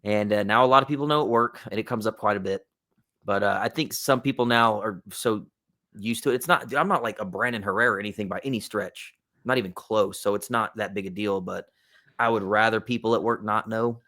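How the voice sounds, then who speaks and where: A man, a podcast guest, telling a funny story in a relaxed, chatty way, with plenty of "like" and "uh". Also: lowish voice, brisk. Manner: relaxed, chatty, with lots of fillers like "like" and "uh". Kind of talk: casual storytelling.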